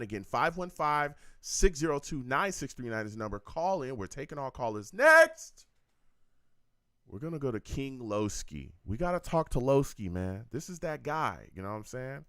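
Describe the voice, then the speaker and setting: A man's voice: medium pitch, fairly bright tone, dry recording, studio quality. A man hosting a call-in sports show, talking in a hyped, slangy, casual way.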